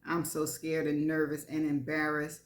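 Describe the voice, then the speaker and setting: A woman's voice: deep voice, completely flat delivery, normal speed, a little hiss or hum. A woman giving a live reading of frank first-person fiction, wry and laughing between lines. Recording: echoey room.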